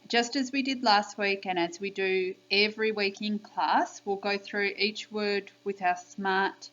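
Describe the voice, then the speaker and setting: A woman teacher giving a spelling lesson by video to young children, clearly sounding out letters and praising them. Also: mid-range voice, fairly bright tone, lo-fi sound. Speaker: primary school teacher.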